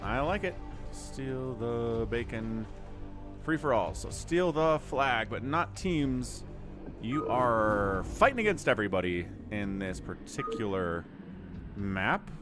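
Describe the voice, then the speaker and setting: A man's voice: mid-range voice, sing-song, a little slow. A man hosting a live game stream, chatting with viewers in an upbeat, chatty way and thanking them by name. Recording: music playing behind.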